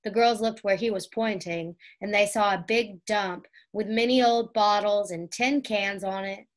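A woman reading a children's chapter book aloud, calm, clear and measured. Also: mid-range voice. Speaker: reader. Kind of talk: storybook read-aloud narration.

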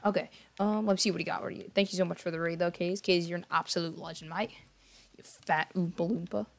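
Fast and high-voiced with an unchanging tone, a young man livestreams a game and talks with his audience. He rambles distractedly and apologizes frequently. Sometimes he keeps his voice low so as not to make noise.

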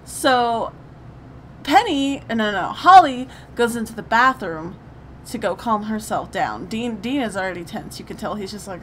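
A young woman hosting a let's play, chatting through the game in an animated, gushing way with bursts of laughter. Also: medium pitch, moderate pace, a little hiss or hum. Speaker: gaming channel host.

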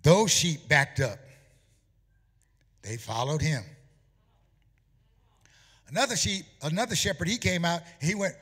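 Male preacher, high bright voice, swooping animated delivery, emphatic sermon, long church reverb. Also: a little slow, pauses often, slightly rough. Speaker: pastor. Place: church sanctuary.

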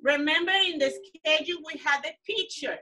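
A woman teaching young children in an online class, coaxing and praising them in simple, animated phrases. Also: high voice, normal speed, distant mic, rough recording. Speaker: preschool teacher.

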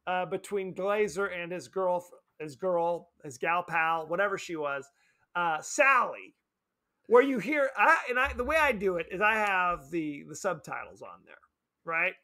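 Podcast co-host, male, high and bright voice, animated, acts out scenes. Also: measured pace. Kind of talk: casual movie chat.

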